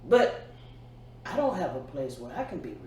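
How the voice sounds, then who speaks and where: Cohost asking stuff and thinking out loud, really echoey, faint hiss. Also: medium pitch, sing-song, normal speed. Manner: questioning, reflective. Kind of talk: casual chat. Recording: echoey room, far from the mic, faint noise.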